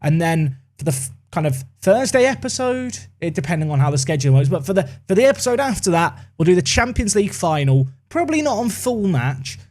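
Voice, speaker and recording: A man's voice: sits high, very animated, fairly quick, darkish tone. A young man casually commentating on his own football management game, playful and sarcastic. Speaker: gaming YouTuber commentating his own play.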